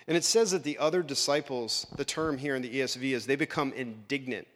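A man preaching a lively sermon as pastor, acting out Bible characters in funny voices. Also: medium pitch, a little fast, in a large hall. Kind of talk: animated sermon.

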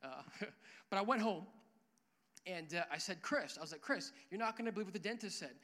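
A young man preaching as a pastor, telling a lively story with quoted dialogue in a church service. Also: sits high, fairly quick. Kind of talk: sermon. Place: church hall with worship music. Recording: reverberant church hall.

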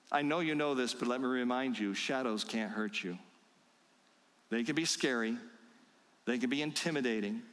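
A male pastor preaching a sermon, quoting scripture slowly and with heavy emphasis. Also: mid-range voice, a bit bright, in a large hall. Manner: emphatic preaching with slow, stressed scripture quotes. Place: church sanctuary.

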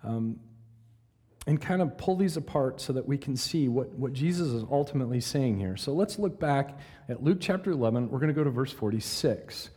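A man's voice: medium pitch, moderate pace. A man giving a conversational Bible lesson, checking in with his listeners and reading verses with drama. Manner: animated, asks listeners questions, reads verses dramatically. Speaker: Bible teacher. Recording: long hall reverb.

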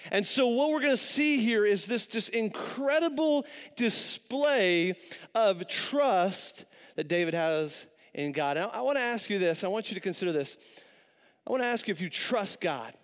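High-voiced preacher in a reverberant hall. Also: male voice, fairly bright tone. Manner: conversational, storytelling preacher with rhetorical questions. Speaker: pastor. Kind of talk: sermon. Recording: long reverb of a large hall.

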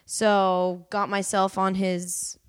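A young woman, a podcast guest and actress, chatting and telling animated stories. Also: mid-range voice, slow, clear, resonant tone. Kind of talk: casual chat.

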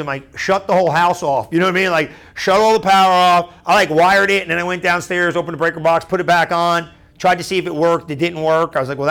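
A man pastor preaching a sermon through a story, chatty and animated, often asking the crowd "right?". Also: on the high side, gravelly.

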